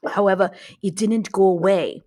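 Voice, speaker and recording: A woman's voice: mid-range voice, fairly even intonation, warm tone, natural voice. Woman doing a bad mock-Russian traveler. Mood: hushed. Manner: reads slow with a bad mock Russian accent. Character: Russian male traveler in the wilds.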